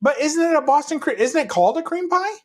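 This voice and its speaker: A man's voice: very high voice, lively intonation, quick pace. Teasing man with a bouncy voice. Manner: teasing, joking, mock-incredulous. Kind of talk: casual chat.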